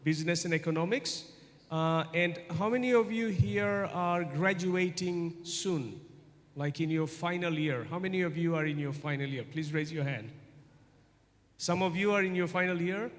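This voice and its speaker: Man, guest lecturer, high voice, unhurried, quizzing the audience, reverberant hall. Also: sharp tone. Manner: interactive, keeps asking the audience questions; slow, deliberate delivery with repetitions. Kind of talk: informal university lecture to students. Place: large university hall.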